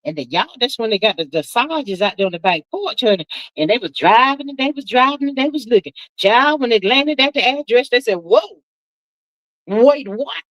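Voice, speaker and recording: Here a woman in her sixties hosts a livestream, dishing casual gossip in a drawling, talkative style and calling folks "child" and "honey". She's animated, swooping high to emphasize things. The recording is low quality, with no room sound.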